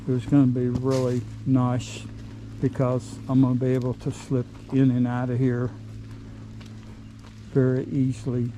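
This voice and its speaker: A man's voice: mid-range voice, warm tone, a little hiss or hum, rough recording. A middle-aged man out of breath, rambling plainly while he works outdoors in the woods and vlogs. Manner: rambling, plain-spoken, pauses and restarts. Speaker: vlogger. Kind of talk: casual outdoor work vlog.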